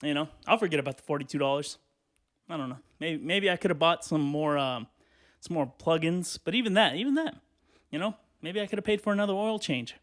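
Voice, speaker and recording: A man in his twenties ranting on his own podcast, swearing freely in animated casual talk. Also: on the high side, fairly quick. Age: 20s. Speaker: podcast host. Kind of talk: solo podcast rant.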